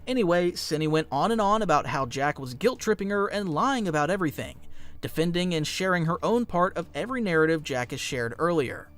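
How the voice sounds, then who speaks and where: Lively, high-voiced male commentary narrator. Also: fairly quick, soft background music. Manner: wry, opinionated narration.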